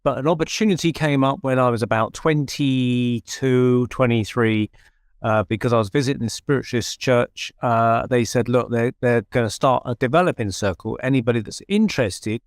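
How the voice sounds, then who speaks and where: A man's voice: mid-range voice, normal speed, no room sound. Man, English accent, middle-aged, podcast host, self-deprecating storyteller, dry sound. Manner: chatty, self-deprecating, many restarts. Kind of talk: conversational storytelling.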